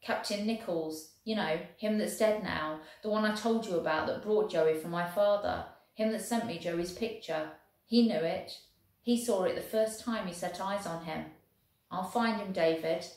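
Woman doing a gentle young soldier, soothing, earnest, echoey room. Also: mid-range voice, moderate pace, natural voice. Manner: soft, soothing talk to a horse. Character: gentle young male soldier groom, devoted.

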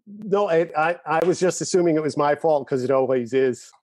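A man's voice: fairly high pitch, expressive, moderate pace, darkish tone. Easygoing man on a video call. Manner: easygoing storyteller who laughs often. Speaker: guest drummer. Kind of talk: casual chat over video call.

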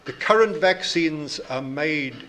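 A man from New Zealand with a New Zealand accent, an invited scientist answering audience questions in a measured, explanatory way with frequent restarts. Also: on the high side, expressive, pushed and bright, a little hiss or hum. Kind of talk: lecture Q&A answers.

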